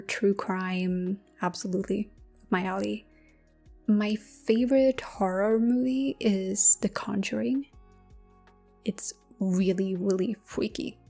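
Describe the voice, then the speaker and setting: A young woman answering questions in a soft-spoken ASMR Q&A, close to the mic, slipping into whispers. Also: medium pitch, vocal fry. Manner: slow, intimate, drifting into whispers with soft laughs. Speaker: ASMR creator.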